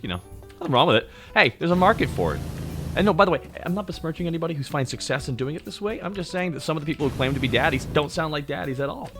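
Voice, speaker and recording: A man in his thirties with a naturally deep voice, chatting casually and teasingly with his stream audience, close to the mic. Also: animated, very fast, over music. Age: 30s. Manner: joking, teasing, talks straight to chat. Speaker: VTuber streamer. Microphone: close to the microphone.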